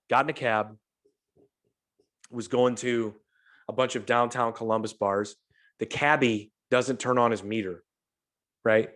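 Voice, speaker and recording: Podcast guy telling a wild party story, swears a lot, does everyone's lines. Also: on the low side. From St. Louis, USA. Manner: animated, profane, acts out quotes. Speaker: podcast host. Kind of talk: casual storytelling chat.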